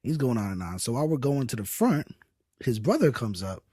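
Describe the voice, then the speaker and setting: A young adult man co-hosting a casual podcast chat, an animated storyteller who acts out the people he quotes. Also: medium pitch, brisk, slightly rough, no echo, studio quality. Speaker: podcast co-host.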